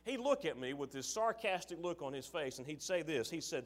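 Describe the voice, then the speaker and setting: A man preaching a sermon in a fairly high voice. He talks in a loose, conversational way with plenty of fillers, then builds to forceful, emphatic appeals. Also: lively intonation, a little fast, a little hiss or hum. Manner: acts out his father's sarcastic voice.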